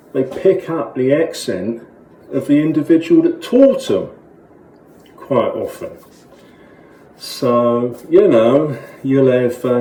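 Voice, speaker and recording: A man's voice: mid-range voice, dark tone, reverberant, slight background noise, voice pushed up, lightly acted, low-quality recording. A man voicing a chatty male carp with a Cockney East London accent, rambling through a comic monologue to camera. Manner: rambling, matey storyteller.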